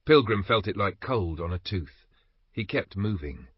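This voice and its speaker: A man narrating an audiobook in a steady, measured reading. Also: low voice, slightly rough, dry recording. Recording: dry, slightly dull recording.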